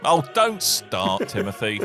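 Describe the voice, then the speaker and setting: A man's voice: fairly low pitch, sing-song, unhurried, a bit bright, soft background music. A British man co-hosting a gaming podcast in casual, teasing chat. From United Kingdom. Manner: teasing, jokey. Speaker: podcast co-host.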